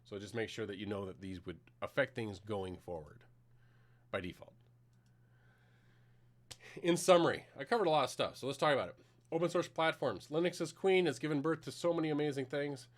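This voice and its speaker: Talking fast in a medium-pitched voice, a middle-aged presenter walks a conference audience through a live technical demo. His style is conversational and plain, with a few fillers.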